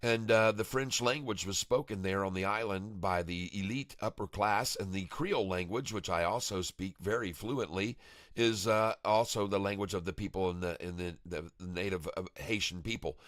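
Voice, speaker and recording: A man's voice: low-pitched, moderate pace, dry recording, clean studio sound. A man hosting a live day-trading stream, chatting in a rambling, showy way and hyping his viewers. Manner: chatty and showy, chuckles often, hypes viewers as "ladies and gentlemen". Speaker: livestream day-trading host.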